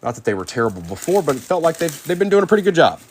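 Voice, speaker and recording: A man hosting a live card break, rapidly calling out player names and chatting with viewers by name. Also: a little high, sing-song, slight background noise.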